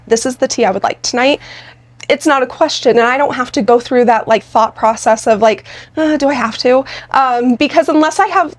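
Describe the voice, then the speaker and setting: A woman co-hosting a podcast, talking in an earnest, explanatory way about her marriage. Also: a little high. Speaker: podcast co-host. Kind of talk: casual conversational podcast.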